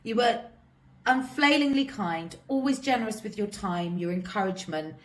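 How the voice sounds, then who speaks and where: A woman hosting an interview, thanking her guests warmly and chatting. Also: mid-range voice, normal speed, echoey room. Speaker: host. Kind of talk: interview chat.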